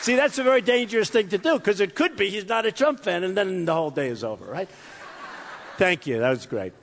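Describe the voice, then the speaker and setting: This candidate's high voice moves fairly quickly and swoops lively through a boastful, repetitive, off-the-cuff rally speech, including mocking impressions of his critics. A little hiss or hum sits under the echoey sound of a hot, crowded room with a faint crowd.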